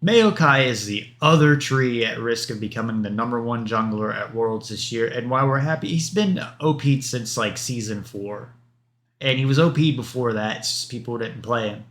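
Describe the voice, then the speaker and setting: A man's voice: mid-range voice, normal speed, a bit bright. Male streamer, casual and rambling; reads stat lists aloud, breaks off for asides. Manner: rambling, rattles off number lists with offhand asides. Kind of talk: livestream commentary reading patch notes.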